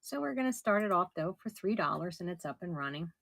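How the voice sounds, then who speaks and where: Middle-aged lady selling stuff on a live stream, kinda hoarse, lowish voice, dry room. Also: expressive, fast talker, no room sound. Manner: chatty, describes items warmly with soft laughs. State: losing her voice. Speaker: live auction seller.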